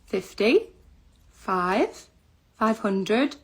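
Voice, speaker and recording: A woman reading funny posts and signs aloud, breaking into high wheezing laughter between lines. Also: extremely slow, a little hiss or hum. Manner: reads lines deadpan then cracks up. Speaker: comedy video creator.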